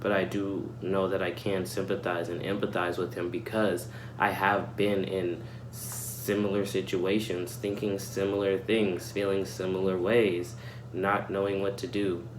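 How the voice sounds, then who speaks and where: A young man hosting a reaction video, earnest and reflective, halting and repeating words as he searches for them. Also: low-pitched, little pitch movement. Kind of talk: reflective casual commentary. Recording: echoey room with faint hum.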